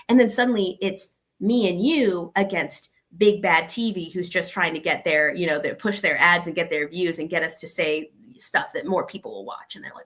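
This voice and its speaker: A young woman with a Southern American accent giving casual, animated advice and acting out the exchanges she describes. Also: lowish voice, normal speed, few pauses. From Arkansas, USA. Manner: animated, acts out quoted exchanges.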